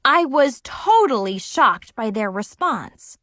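A woman narrating a first-person children's story with expressive, dramatic exclamations. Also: sits high, takes it slowly, no echo, clean studio sound. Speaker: audiobook narrator.

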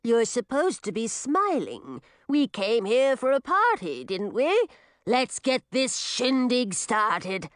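A woman's voice: a little high, huge pitch swings, takes it slowly, no echo, clean studio sound, pitched above the performer's own voice, exaggerated voice. Woman doing a folksy, cheery old witch.

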